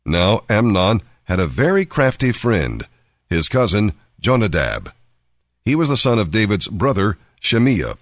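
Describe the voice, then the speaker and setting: Male narrator, low voice, lively expressive reading, dry close mic. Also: measured pace, dry recording. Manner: expressive storytelling. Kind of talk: scripted narration of a Bible story.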